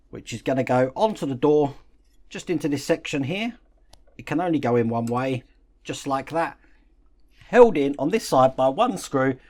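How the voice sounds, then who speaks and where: A man hosting a model-building channel, calmly explaining each step of the build while he works with his hands. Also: mid-range voice.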